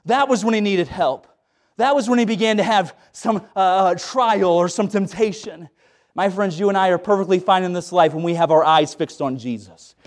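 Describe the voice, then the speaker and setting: A man's voice: high voice, moderate pace. A man preaching a sermon in a folksy, dramatic way, acting out the scenes he tells.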